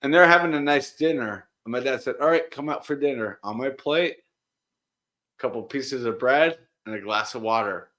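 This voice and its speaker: A man in casual conversation, telling a story from when he was a kid. His voice sits in an ordinary middle pitch, and he acts out the lines people said to him with lively swings. He often stops and restarts his sentences. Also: normal speed.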